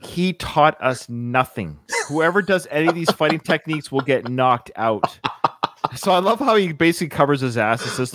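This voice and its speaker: A man co-hosting a podcast, reacting to clips with animated, joking commentary. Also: fairly high pitch, normal speed, no room sound. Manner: animated, laughing, mocking commentary. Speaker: podcast co-host. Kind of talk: casual podcast chat.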